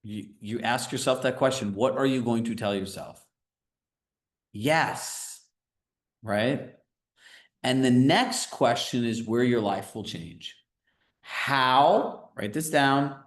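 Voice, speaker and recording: Energetic male coach on a video call. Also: mid-range voice, slow pace, long pauses, echoey room. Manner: energetic, conversational, filler-heavy with frequent "right?". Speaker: real estate business coach.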